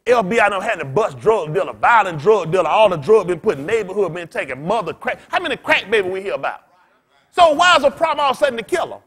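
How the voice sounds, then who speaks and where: A man preaching in loose storytelling style as a pastor, blunt and cussing, laughing as he swings between loud bursts and quiet asides. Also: high voice, husky. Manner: blunt, street-talking, cussing. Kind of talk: storytelling sermon.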